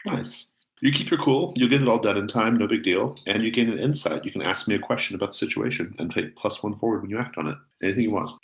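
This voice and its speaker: A man's voice: lowish voice, fast, creaky, low-quality recording. A man narrating as game master of a tabletop role-playing game, in a loose, filler-heavy way.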